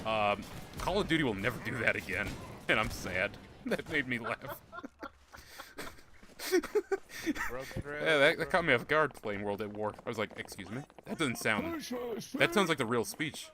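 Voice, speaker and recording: A man's voice: mid-range voice, sing-song, normal speed, pauses often, a crowd in the background. A young man streaming a game, chatting casually, joking and laughing often. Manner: joking, laughs often, talks over others. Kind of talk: casual gaming chat.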